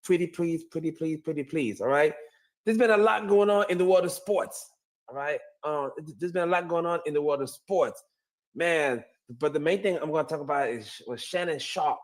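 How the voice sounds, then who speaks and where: A chatty man with a somewhat high voice talks casually about sports as the host of his own channel. He often laughs and circles back over the same phrases. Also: moderate pace. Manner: chatty, laughs a lot, repeats himself. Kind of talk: casual sports commentary reacting to a clip.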